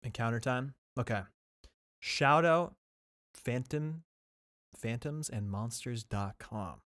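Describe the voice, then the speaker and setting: A man co-hosting a podcast in a casual chat, relaxed and full of fillers like "like.". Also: mid-range voice, takes it slowly. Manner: relaxed, filler-heavy with lots of "like". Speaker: podcast co-host.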